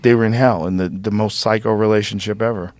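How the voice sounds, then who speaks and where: A man hosting a podcast in casual chat, animated and swearing, with excited bursts. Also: fairly low pitch, fast talker, no room sound. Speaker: podcast host.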